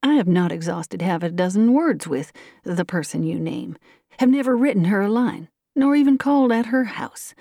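A woman's voice: mid-range voice, expressive, normal speed, creaky, mellow, no echo, studio quality. A woman voicing a cautious, timid man who turns indignant. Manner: guarded, then indignant.

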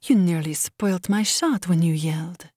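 A woman's voice: on the low side, a little mellow, no echo, clean studio sound. A woman voicing a proud, teasing young ranch woman. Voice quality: deliberate, saccharine contralto.

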